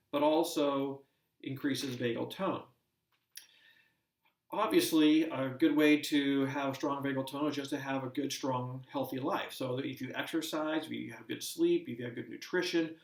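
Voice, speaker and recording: A man's voice: medium pitch, gravelly, distant mic. Man lecturing in an echoey room. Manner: measured explanatory delivery with frequent fillers and restarts. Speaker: course instructor. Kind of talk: recorded lesson lecture. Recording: roomy echo, speaker away from mic.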